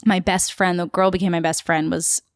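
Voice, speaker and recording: Telling a story in a relaxed podcast interview, the Queens, New York City actor and tour guide talks chattily with many fillers. She has a lowish voice, a level tone and a moderate pace, in studio-quality audio with no echo.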